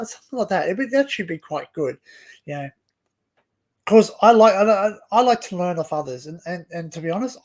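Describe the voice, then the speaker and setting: A young Australian man with a notably high voice hosts a relaxed livestream. He wanders through his thoughts, repeating words and restarting sentences as he chats with viewers and a guest. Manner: rambling, stop-start with many restarts. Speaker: livestream host. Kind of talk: casual livestream chat.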